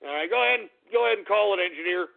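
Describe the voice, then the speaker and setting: A man's voice: sits high, racing, vocal fry. A man hosting a call-in radio show, ranting in exasperation, stammering and swearing. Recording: phone-like lo-fi radio audio.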